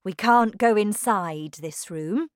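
A woman voicing a brisk, eccentric grown man who runs a chocolate factory. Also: mid-range voice, dry recording, clean studio sound, pitched above the performer's own voice, close to an everyday voice. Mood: explaining.

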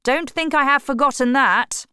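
A woman's voice: high-pitched, moderate pace, sharp tone, no echo, studio quality, pitched above the performer's own voice. A woman reading an audiobook voices a desperate, hot-tempered baronet, a middle-aged man who speaks urgently and anxiously. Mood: angry urgent. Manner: agitated, raised, urgent.

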